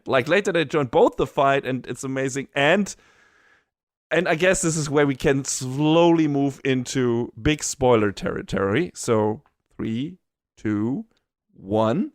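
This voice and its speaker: On a dry, studio-quality recording, a podcast co-host with a mid-range voice chats casually about anime reviews. He's excited throughout, cursing and laughing a lot.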